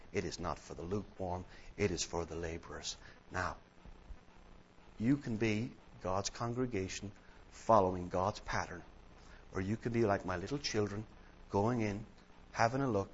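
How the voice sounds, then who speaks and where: A man's voice: low-pitched, muffled recording, slight background noise. A man preaching a sermon, emphatic and fond of repeated parallel phrases, telling a story to make his point.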